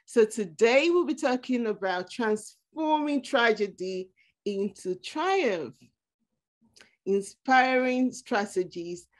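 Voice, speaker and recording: A woman hosts an interview podcast and introduces her guest. She talks slowly and deliberately, at a calm and measured pace. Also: a little high. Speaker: podcast host.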